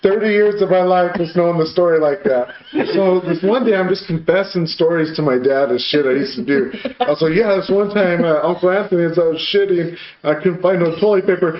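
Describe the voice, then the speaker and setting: A man's voice: high voice, fairly quick. A man co-hosting a podcast, telling a crude story in casual chat, swearing a lot and laughing as he goes. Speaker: podcast co-host. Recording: echoey room, dull lo-fi sound, faint noise.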